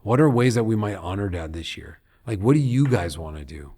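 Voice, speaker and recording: A middle-aged man from Long Beach speaks as a podcast guest. His voice sits low, and his manner is earnest and animated. He often slips into acting out what other people might say. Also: brisk. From Long Beach, California. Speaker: guest, head of a nonprofit. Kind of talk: podcast interview.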